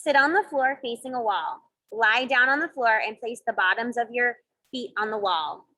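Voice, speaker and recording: A woman with a bright, crisp, fairly high voice leads children through yoga and mindfulness exercises. She gives gentle, encouraging instructions and adds playful sound effects along the way. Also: normal speed, rough recording. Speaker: kids yoga teacher. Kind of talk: guided kids yoga and mindfulness.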